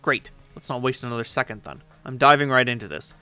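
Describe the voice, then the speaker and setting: A man reading a webcomic aloud, voicing a brisk, impatient young leader briefing his team. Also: mid-range voice, very animated, bright, forceful tone, clean tone, faint music behind. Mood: commanding. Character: bossy young leader running a war meeting.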